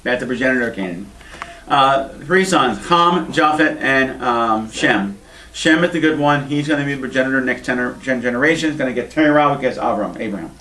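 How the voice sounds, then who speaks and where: A man's voice: mid-range voice, a little fast. A man, a rabbi, giving an informal Bible lecture to an adult class. He teaches with wry asides and jokes. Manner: lively, wry asides and joking. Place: synagogue classroom. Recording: echoey room, mic far off, faint hiss.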